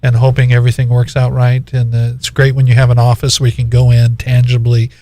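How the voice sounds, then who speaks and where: Male talk host, middle-aged, chatty and laughing, medium pitch, dry studio sound. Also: monotone, a little fast, warm tone, no room sound. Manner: chatty, laughs often while telling stories. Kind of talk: casual interview chat.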